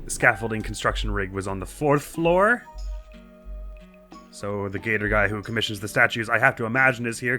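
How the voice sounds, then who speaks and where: Bright-voiced man doing chatty game commentary. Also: mid-range voice. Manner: chatty and self-deprecating, laughs often. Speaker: let's play host. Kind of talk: casual gameplay commentary.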